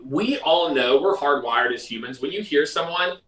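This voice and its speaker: A man hosting a live sales question-and-answer stream in a casual, energetic, conversational way. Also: normal speed. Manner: energetic, conversational, mimics others in a high voice. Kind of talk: casual livestream talk. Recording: roomy echo, mic at a distance.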